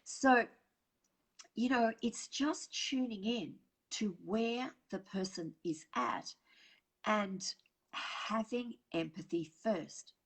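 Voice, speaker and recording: A woman presenting a live online workshop over a video call, chatting warmly with viewers, reading out their comments and laughing often. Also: a little high, slow, breathy edge, low-quality recording.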